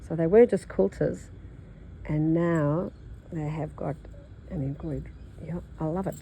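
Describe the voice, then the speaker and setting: A woman's voice: low-pitched, fairly even intonation, measured pace, dark tone, a little hiss or hum, low-quality recording. An older Australian woman with a nasal voice, chatting in a rambling way while she stitches and teaches embroidery. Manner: rambling, chatty, thinks aloud. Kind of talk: casual chat while stitching.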